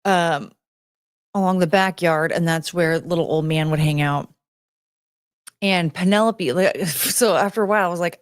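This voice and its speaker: A woman streamer in casual chat, greeting viewers by name and rambling with giggles, fillers and restarts, jumping between high excited greetings and low mumbled asides. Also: moderate pace, no room sound, studio quality. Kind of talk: casual chat reading out chat names.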